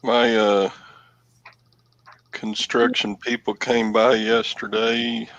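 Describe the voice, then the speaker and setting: A man's voice: on the low side, level tone, takes it slowly, a bit bright, no echo, muffled recording. A middle-aged man, co-hosting a casual chat in a wry, self-mocking way. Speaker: show co-host.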